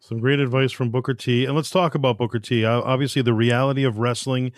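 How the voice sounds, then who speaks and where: A man hosting a podcast with a middle-pitched voice recorded dry and close. He asks easygoing questions and keeps his replies short. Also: steady tone, fast, no echo. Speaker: podcast host. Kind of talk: casual podcast interview.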